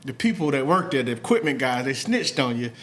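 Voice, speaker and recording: A man hosting a podcast, asking questions in casual, halting chat with lots of fillers. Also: medium pitch, big pitch swings, a bit bright. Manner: halting, many fillers and repeated words. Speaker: podcast host. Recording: echoey room with faint noise.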